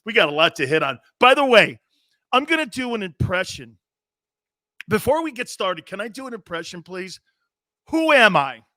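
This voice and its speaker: Man, sports talk host, animated and sarcastic, high voice, dry close sound. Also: moderate pace, no echo. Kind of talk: opinionated sports commentary.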